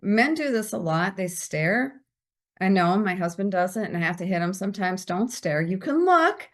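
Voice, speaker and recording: A woman speaking as a podcast guest, giving lively career advice and acting out bits of small talk. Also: medium pitch, normal speed. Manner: animated, acts out quoted small talk. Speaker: guest, visibility strategist.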